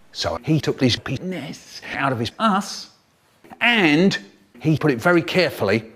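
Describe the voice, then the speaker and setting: A man telling a children's story in a theatrical way, with sudden jumps in pitch and loudness and silly voices for the people in it. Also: background noise. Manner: does silly character voices. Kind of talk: animated storytelling, cut up and remixed.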